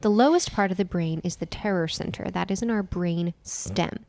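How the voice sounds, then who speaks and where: A woman's voice: fairly low pitch, moderate pace, a little mellow, dry recording. A woman co-hosting a podcast, explaining ideas step by step in casual chat and repeating key phrases for emphasis. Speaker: podcast co-host and nutritional therapist.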